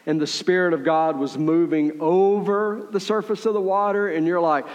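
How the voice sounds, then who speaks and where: A man's voice: fairly high pitch, steady tone, moderate pace, few pauses, a little mellow, long reverb tail, muffled recording. A man preaching a sermon in a conversational way, often checking in with "right?" as he goes. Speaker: pastor.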